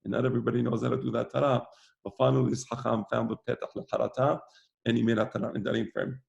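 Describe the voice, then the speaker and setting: Brief: male teacher, gravelly mid-pitched voice, relaxed lecturing, repeats himself for emphasis. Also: rapid-fire, muffled recording. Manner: conversational, repeats phrases for emphasis. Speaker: rabbi teaching a weekly class. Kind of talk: informal lecture.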